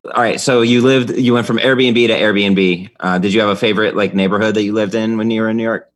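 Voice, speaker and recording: Low-voiced man hosting a podcast. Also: steady tone, fairly quick. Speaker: podcast host. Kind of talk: casual chat.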